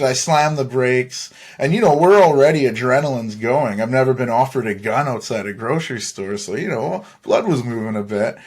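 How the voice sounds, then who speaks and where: A young man from Saskatchewan, Canada, telling a long story in a loose, rambling way. His voice sits at an ordinary middle pitch. He laughs often and swears freely. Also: a little mellow. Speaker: podcast host. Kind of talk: casual storytelling.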